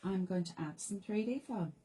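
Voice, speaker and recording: A woman with a croaky voice hosting a live card-making demonstration, chatting in rambling asides to her viewers. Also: medium pitch, moderate pace, dark tone. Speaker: crafting host.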